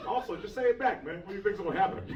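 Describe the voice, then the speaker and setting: A male stand-up comedian doing loud, playful crowd work in a comedy club, laughing often. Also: high-pitched, quick pace, background noise. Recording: roomy live club audio from a distance, dull. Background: loud audience laughter.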